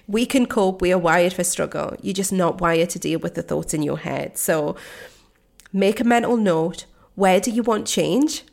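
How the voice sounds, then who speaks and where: A woman hosts a motivational podcast, speaking straight to the listener like a coach. Her voice sits at an ordinary pitch but carries a gravelly, fry-tinged texture. She sounds earnest and encouraging. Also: a little mellow.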